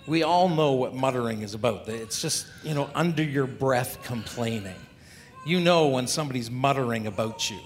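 A man preaching a sermon as a pastor, talking through scripture in a conversational way and asking the congregation rhetorical questions. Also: normal speed. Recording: long hall reverb, faint rumble.

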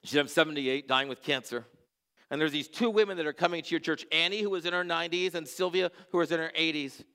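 A man preaching as a church pastor, telling stories in an earnest way and dropping to a hushed voice at moving moments. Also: fairly high pitch, quick pace, gravelly, clear, resonant tone. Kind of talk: sermon storytelling.

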